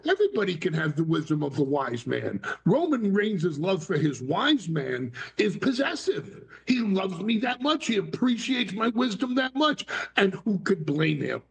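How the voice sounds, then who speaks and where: A man's voice: sits high, creaky, low-quality recording. A middle-aged man talking as an interview guest, theatrical and dramatic, with acted voices in his stories. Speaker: wrestling personality, guest. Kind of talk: animated interview talk.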